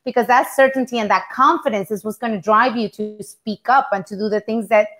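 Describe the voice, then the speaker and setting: A woman hosts a talk show and asks her guest long, searching questions. Her voice sits a little high. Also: fairly quick, a bit bright. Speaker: host. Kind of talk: interview questions.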